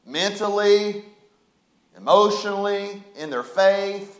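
A pastor with a notably high voice delivers a slow-paced sermon in an echoey, reverberant church room. He fires off rhetorical questions, drops to near-hushed asides, and then rises into loud cries.

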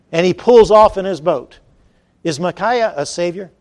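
A man preaching a sermon, telling a story with lively swings from quiet to shouted cries. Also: high voice, unhurried.

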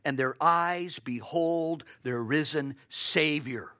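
A man preaching a sermon, expressive, acting out quoted lines and asking his listeners rhetorical questions. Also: fairly high pitch, slow, smooth, dry recording, clean studio sound.

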